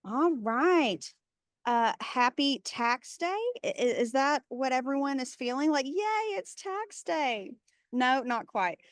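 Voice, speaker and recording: A woman's voice: high-pitched, a little slow, dry recording, clean studio sound. A woman with a Texas accent hosting an online session by video call, chatty and greeting attendees by name. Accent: Texan. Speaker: webinar host. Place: airport.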